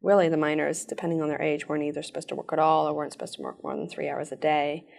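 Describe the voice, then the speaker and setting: A woman recounting her experience in an interview, her voice sitting a little low with a gravelly fry. She speaks earnestly and tends to rush her sentences. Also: flat delivery, darkish tone. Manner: earnest, rushed storytelling. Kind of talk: personal testimony.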